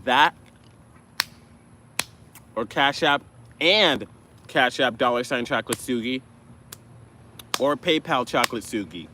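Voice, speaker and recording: A man's voice: mid-range voice, lively intonation, slow, pauses often, noisy background. A man hosting a food review live stream, chatting casually and joking with viewers. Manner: joking, playful banter with the chat.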